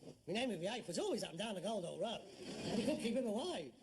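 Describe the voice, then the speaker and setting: A middle-aged man with a London Cockney accent plays a sarcastic, exasperated grown son in 1970s British sitcom acting. His high voice is very animated and fast, with background noise.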